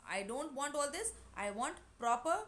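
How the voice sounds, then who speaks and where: Give me a stern, scolding housewife , read out by a woman teacher. Her voice sits fairly high and she speaks sharply. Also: animated, moderate pace, fairly bright tone.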